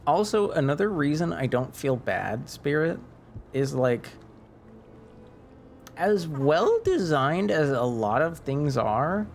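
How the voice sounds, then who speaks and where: Slow, rambling male streamer. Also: on the high side, a little hiss or hum. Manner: rambling, muses aloud while chatting with viewers. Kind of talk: casual gaming chat.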